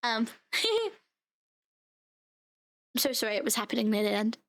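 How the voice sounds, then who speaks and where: A young British woman chatting casually on a livestream, bubbly and giggly, her voice hoarse and giving out. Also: on the high side, little pitch movement, normal speed, a bit bright. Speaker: VTuber streamer.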